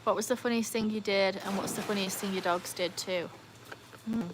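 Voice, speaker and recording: A woman's voice: medium pitch, fairly even intonation, normal speed, noisy background. A woman chatting casually on a live stream at home, reading out viewer comments. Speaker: livestream host. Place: home, beside a backyard pool.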